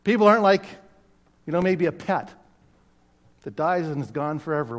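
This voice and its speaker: A man's voice: on the high side, expressive, normal speed, pauses often. A middle-aged man from Canada preaching a sermon to his church, telling stories in a conversational way with self-deprecating humor. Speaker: pastor. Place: church sanctuary. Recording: long reverb of a church hall.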